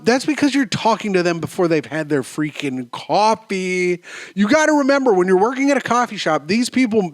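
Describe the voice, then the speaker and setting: A man in his thirties hosting a solo podcast, riffing on listener stories in an animated, profane way with sudden sing-song jumps, his voice going a bit hoarse. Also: high voice, no echo, clean studio sound. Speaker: podcast host.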